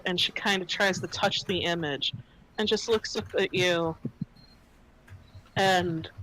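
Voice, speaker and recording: A woman running a tabletop game as game master, narrating scenes in an unhurried, descriptive way with fillers. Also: mid-range voice, a bit bright, poor audio.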